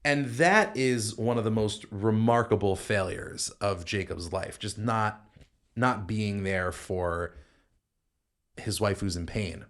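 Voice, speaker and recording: A man's voice: lowish voice, slow, a bit bright. A man, a rabbi, explaining Bible passages in a podcast discussion, quoting Hebrew verses and often restarting his sentences. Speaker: rabbi co-host explaining scripture.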